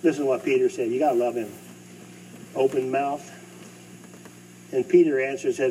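A middle-aged man preaching a sermon as pastor, swinging between loud bursts and hushed asides. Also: mid-range voice, normal speed, pauses often. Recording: distant mic with faint hum.

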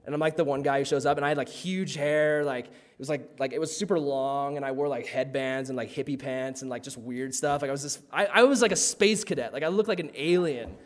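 A man's voice: mid-range voice, a little fast, hardly any pauses. A man telling a personal faith story in a casual way, full of "like" fillers.

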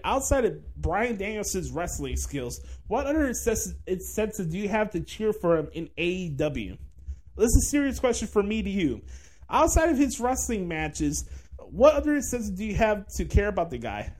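A man's voice: high-pitched, a little mellow. A man hosting a podcast, giving a blunt, profane, sarcastic wrestling commentary rant. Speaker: podcast host.

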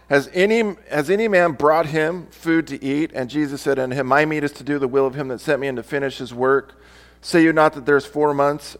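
A male pastor preaching a sermon, reading scripture aloud and explaining it, sometimes acting out different tones of voice. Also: medium pitch.

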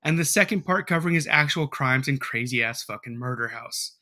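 A man's voice: medium pitch, brisk, sharp tone. A man hosting a casual podcast, telling a story in a rambling way with lots of fillers and swearing. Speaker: podcast host.

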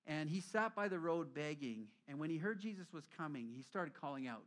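A middle-aged man preaching a sermon as a pastor, telling stories lively and acting out quoted voices. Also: fairly high pitch, brisk.

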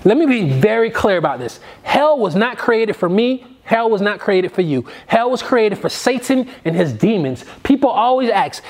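A man's voice: high voice, very animated, normal speed, hardly any pauses, darkish tone. A man preaching a sermon with an emphatic, repetitive cadence.

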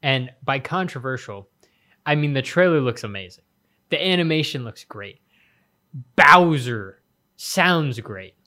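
A young man co-hosting a podcast, chatting casually and joking about movie trailers. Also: medium pitch. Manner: animated, joking, quick bursts. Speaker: podcast co-host.

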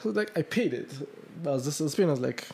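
A man's voice: on the high side, lively intonation, vocal fry, darkish tone. A young man co-hosting a podcast in casual chat, chuckling and restarting his sentences. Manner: chuckles while talking, halting restarts. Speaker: podcast co-host.

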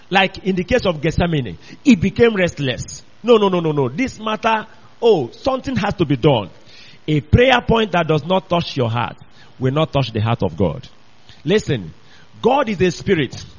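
A man's voice: high-pitched, husky. A man preaching a sermon, emphatic and repetitive, often calling out to his listeners. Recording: dull lo-fi recording.

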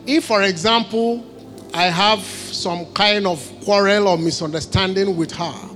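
A middle-aged male pastor with a high, ringing, forceful voice delivers an emphatic sermon. He throws call-and-response questions at the congregation and laughs and jokes between his points. Soft music sits faintly behind him. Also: a little slow. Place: church service.

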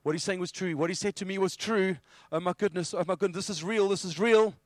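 A man's voice: fairly even intonation, fast talker, no room sound, close to an everyday voice. A man doing a frantic, pleading Peter. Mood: astonished. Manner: high pleading cries, repeats himself.

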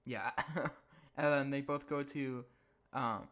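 A man co-hosting a podcast, recapping an episode in a soft-spoken, low-key way. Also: steady tone, slow. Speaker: podcast co-host.

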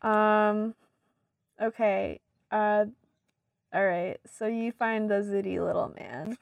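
A woman's voice: mid-range voice, steady tone, slow, gravelly, dry recording. A woman running a tabletop game as game master, laid-back and hesitant, with many fillers. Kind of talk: casual tabletop game narration.

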